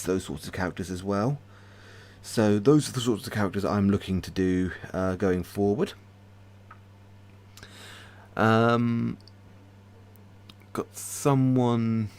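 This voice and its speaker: A man hosting a casual livestream, answering viewer questions in a hesitant way with many pauses and fillers. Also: on the low side, darkish tone. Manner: hesitant, with frequent ums. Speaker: ASMR creator hosting a livestream. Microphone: desk USB microphone.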